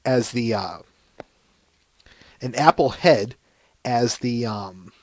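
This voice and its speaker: A man's voice: mid-range voice, slow, darkish tone, no room sound. A man with a Minnesotan accent hosting a casual live-stream podcast, chatty and laughing, often restarting his sentences. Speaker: podcast host.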